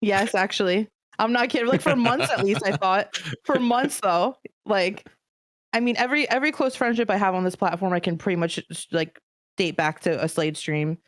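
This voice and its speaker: A woman's voice: medium pitch, normal speed, no room sound. A woman co-hosting a casual podcast, speaking heartfelt and close to tears. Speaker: podcast co-host.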